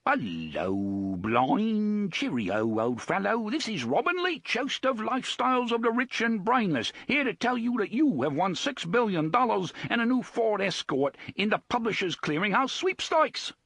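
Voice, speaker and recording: A man's voice: high voice, sing-song, measured pace, hardly any pauses, fairly bright tone, no room sound, voice pushed up, full character voice. A man reading an audiobook, voicing a young man who bellows in a plummy, bogus British accent like a game-show host. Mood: manic, bellowing.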